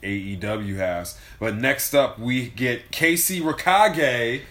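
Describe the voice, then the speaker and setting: A male podcast co-host talks wrestling in an easy, animated way, laughing and circling back on his own phrases. His voice sits at an ordinary middle pitch. The recording has a roomy echo around it. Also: slow pace. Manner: animated, laughs often, repeats himself. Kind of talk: casual wrestling chat.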